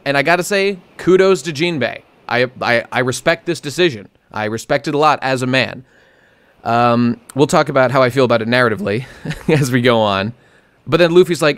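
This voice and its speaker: A man co-hosting a casual manga discussion podcast, animated and sarcastic, often slipping into quick mock voices for characters. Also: mid-range voice, clean tone, no room sound. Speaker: podcast co-host.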